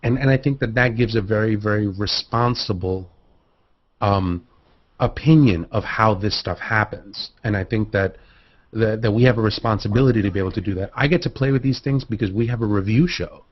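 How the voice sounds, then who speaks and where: A man on a photography panel, talking in an animated, rambling way with many restarts, over a video call. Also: on the low side, brisk, highs cut off. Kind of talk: casual panel discussion.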